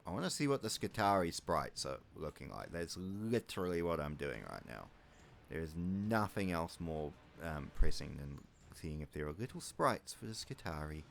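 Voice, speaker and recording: With a low, creaky voice and big pitch swings, the New Zealand gaming YouTuber talks at a normal pace against a faint hiss or hum. He rambles casually through his let's-play, dropping wry remarks and murmuring his menu selections under his breath.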